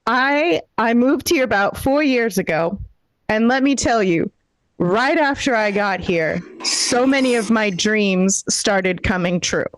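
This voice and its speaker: A woman stand-up comedian performs a self-deprecating set over a video call from her daytime home in a warm city, holding a handheld mic. Her higher voice is expressive and measured as she tells punchy stories, on a rough recording without echo.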